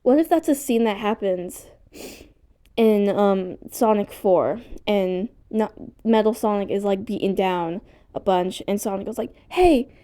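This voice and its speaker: At home in front of the camera, a woman vlogs in a rambling, casual way, excitable and easily pulled off topic, with some offhand swearing. Her voice is mid-range and her pace measured.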